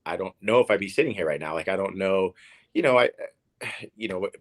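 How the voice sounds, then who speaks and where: A deep-voiced professional tennis player in his thirties from Oklahoma, USA, tells stories in a casual interview. He talks briskly and expressively, rambling, repeating words and using many fillers.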